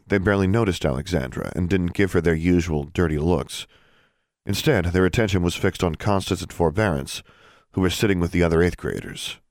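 A man reading a novel aloud as a narrator, even and unhurried. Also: sits low, no echo, studio quality. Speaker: audiobook narrator. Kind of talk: scripted narration.

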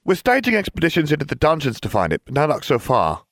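A man reading aloud and voicing a bold, cheerful young girl in a very high, chirpy voice. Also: wildly swooping pitch, fast, a bit bright, dry recording, clean studio sound. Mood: matter-of-fact.

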